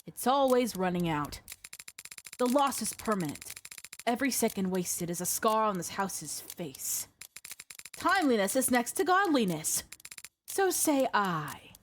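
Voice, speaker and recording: A woman's voice: medium pitch, sing-song, measured pace, slight background noise, pitched below the performer's own voice. A woman streamer voicing a haughty young male mafia heir who lectures his men in a stern, commanding way while reading game dialogue aloud. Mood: lecturing.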